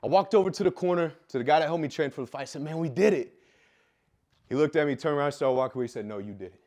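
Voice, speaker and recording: Rapid-fire and a little high, with a darkish tone, a young man pours out his raw life story. The telling is emotional and full of swearing, and he repeats phrases for emphasis.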